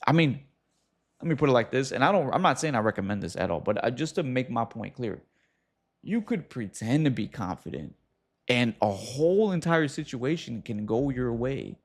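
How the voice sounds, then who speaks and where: Man, mid-pitch and gravelly, casual advice-talk host, animated delivery. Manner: animated, talks straight to viewer with quick asides.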